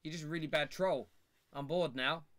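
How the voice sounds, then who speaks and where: A man hosting a live football fan phone-in show, joking and mocking a troll caller. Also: fairly high pitch. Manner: lively, quick to mock callers. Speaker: host.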